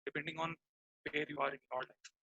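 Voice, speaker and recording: Bright-voiced man hosting a podcast. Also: on the high side, very fast, lo-fi sound, a little hiss or hum. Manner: relaxed, reads out a list. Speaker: podcast host. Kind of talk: casual chat.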